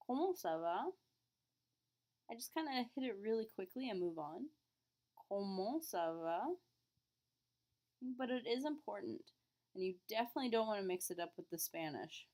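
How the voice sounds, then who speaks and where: Woman, French teacher, patient lesson delivery, middle pitch, models phrases clearly. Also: lively intonation, quick pace, a little mellow. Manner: clear, patient explaining, exaggerated question intonation in examples. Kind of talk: classroom lesson.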